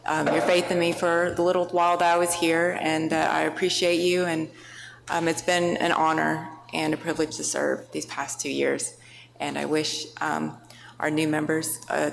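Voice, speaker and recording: A woman with a low, gravelly voice gives unprepared thanks as she leaves the council. She falters and fills her pauses with small hesitations. The recording carries noise and a long reverb from the council chamber. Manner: halting, with many fillers. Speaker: outgoing city council member. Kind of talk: unprepared farewell remarks.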